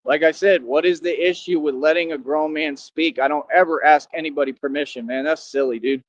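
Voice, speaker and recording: A man's voice: on the high side, fairly even intonation, fairly quick, dull audio. A man vlogging outdoors, boasting and confronting his viewers in slang-heavy street talk.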